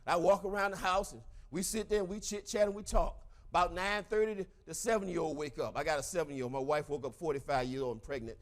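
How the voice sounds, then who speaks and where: A middle-aged man giving a fiery, preacher-like motivational speech to a crowd, breaking into shouts. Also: on the high side, fast, hardly any pauses. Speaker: motivational speaker.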